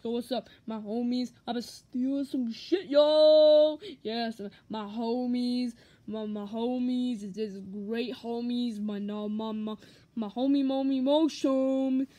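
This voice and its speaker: A woman's voice: a little high, steady tone, slow pace, warm tone. A woman voicing a slangy, thieving rabbit-like video game creature who drawls and stumbles over his words. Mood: swaggering.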